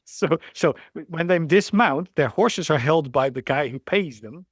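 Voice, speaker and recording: A man's voice: a little high, lively intonation, measured pace, slightly rough, no room sound. Man explaining history, dry close sound. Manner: thoughtful, rambling with restarts. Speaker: guest, historical riding expert. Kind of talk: conversational explanation.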